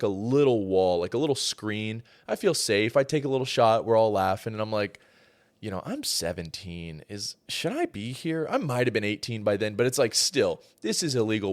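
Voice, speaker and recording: A young man from Georgia co-hosting a podcast, telling animated, profane stories in casual chat and acting out what people said. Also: on the low side, moderate pace, no room sound. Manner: animated, profane, acts out quoted voices. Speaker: podcast co-host.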